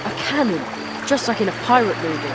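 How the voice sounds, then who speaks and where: A cheeky young boy apprentice magician, voiced by a woman for a video game, full of dry quips. The voice sits at a mid pitch. Loud game music plays under it. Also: very animated, fairly quick, close to an everyday voice. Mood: wry.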